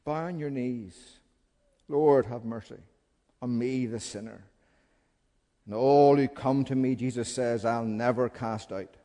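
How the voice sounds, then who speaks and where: A man preaching with fervour, his voice dropping to a hush and then rising to urgent appeals. It is a mid-pitched voice carried by a long hall reverb, the sound of a church. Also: a little slow, long pauses. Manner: impassioned, swings from hushed pleading to loud urgent calls. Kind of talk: sermon.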